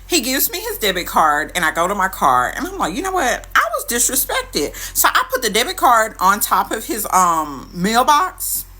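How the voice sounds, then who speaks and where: A young woman tells a wild dating story straight to camera, full of sass and punchy quoted lines. Her voice jumps around a lot in pitch and has a bright, slightly husky edge. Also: moderate pace, few pauses. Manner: animated, sassy, dramatic quoting.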